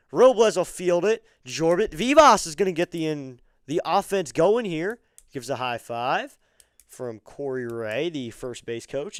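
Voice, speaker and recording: A man giving excitable live fan play-by-play of a baseball game on his stream, chatting with viewers between pitches. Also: smooth, no echo, clean studio sound. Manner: chatty, excitable on big plays.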